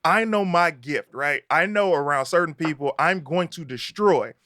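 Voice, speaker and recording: A man's voice: fairly high pitch, normal speed, sharp tone. A man who is a guest on a podcast, telling personal stories in an emphatic, casual way. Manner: storytelling, emphatic, laughs easily.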